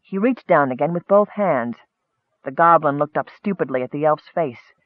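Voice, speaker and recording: A man narrating a fantasy story in a steady, measured audiobook reading. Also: fairly high pitch, no echo, narrow, tinny audio.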